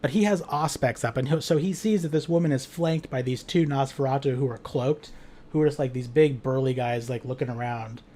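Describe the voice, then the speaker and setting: A man recounts a tabletop game he ran as game master, speaking a little fast in a mid-range voice with a dark tone. He rambles, says "like" constantly, swears and laughs a lot in this casual recap.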